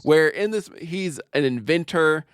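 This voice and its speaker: A man hosting a podcast in casual, joking chat, animated and quick with asides, laughing often. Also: fairly high pitch, clear, resonant tone, dry recording, clean studio sound. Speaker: podcast host.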